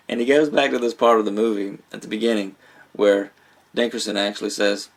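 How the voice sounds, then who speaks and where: A man's voice: on the low side, fairly even intonation, moderate pace. A man giving a casual spoken movie review, rambling with fillers, restarts and small laughs. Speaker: film reviewer.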